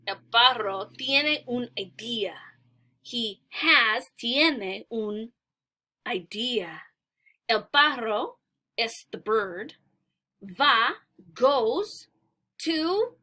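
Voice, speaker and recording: A woman teaching Spanish to beginners, reading a short story aloud and explaining it word by word, slowly and patiently. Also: fairly high pitch, expressive, pushed and bright.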